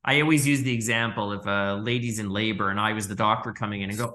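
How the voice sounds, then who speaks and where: A bright-voiced man talks as a podcast guest, animated and chatty. He tells stories and slips into the voices of the people he quotes, often laughing along the way. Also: on the low side, quick pace, few pauses. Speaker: orthodontist guest. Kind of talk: conversational podcast interview.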